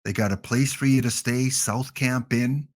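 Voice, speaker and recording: A man's voice: medium pitch, steady tone, moderate pace. A man with a Canadian accent hosting a gaming livestream, chatting casually with jokey, rambling asides.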